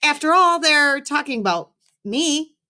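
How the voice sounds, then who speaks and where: Lady doing a squeaky nervous little schoolboy, polite, storybook voice. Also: animated, measured pace, sharp tone, exaggerated voice. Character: anxious fourth-grade boy narrator.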